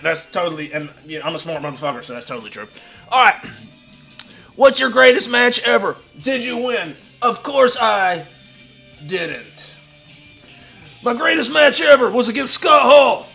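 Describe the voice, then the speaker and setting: A man with a strikingly high, gravelly voice holds forth like a wrestling promo on his own livestream. He is boastful and foul-mouthed, and he breaks into shouts. His tone is bright and forceful. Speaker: livestream host in a wrestler persona. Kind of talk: brash wrestling promo talk.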